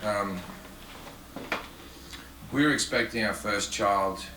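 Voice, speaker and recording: A comedian doing a low, halting grieving husband. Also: male voice, steady tone, noisy background. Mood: somber apologetic. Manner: halting, quiet apology. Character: grieving young husband, apologetic and shaken. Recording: echoey live venue recording.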